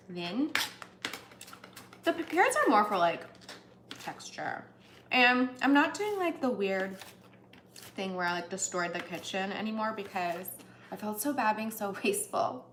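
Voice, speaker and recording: With a mid-range, fairly bright voice, a young woman chats casually and giggles through a cooking livestream in her home kitchen, adding playful asides. There's a little hiss or hum on the recording. The kitchen echoes with clattering pots and dishes.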